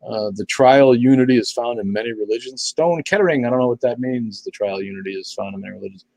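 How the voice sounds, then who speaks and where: A man's voice: mid-range voice, fast talker, a little mellow, no echo, poor audio. An older man hosting a live stream, reading viewer comments in blunt, profane, sarcastic casual chat.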